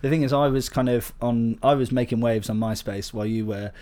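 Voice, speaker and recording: A man's voice: mid-range voice, fairly even intonation, brisk, warm tone. Male comedian co-host in his 30s, tired, wry and easygoing. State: tired from little sleep. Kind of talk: casual chat.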